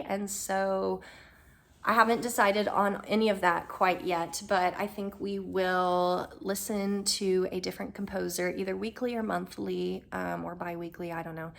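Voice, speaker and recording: A homeschooling mother chatting casually to the camera, upbeat and full of ums, her voice slightly hoarse. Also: mid-range voice.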